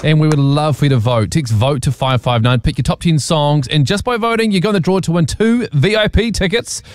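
A man's voice: on the high side, brisk, a little hiss or hum. A man co-hosting a radio show, reading promos in an upbeat way at a studio mic. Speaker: radio co-host. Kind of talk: radio presenting. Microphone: studio microphone.

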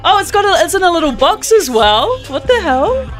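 A woman in her thirties with a New Zealand accent, chatting casually on air as a radio presenter, upbeat and quick to laugh. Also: very high-pitched, big pitch swings, over music. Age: 30s.

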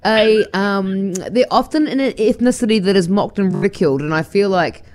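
A woman co-hosting a breakfast radio show, animated and self-mocking. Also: mid-range voice, normal speed. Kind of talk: casual on-air banter.

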